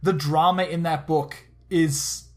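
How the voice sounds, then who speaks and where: An Australian man with a voice pitched a little higher than most men. He co-hosts a casual podcast chat, talking quickly and eagerly and often restarting his sentences as his thoughts run ahead. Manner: quick, excitable, with many restarts. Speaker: podcast co-host.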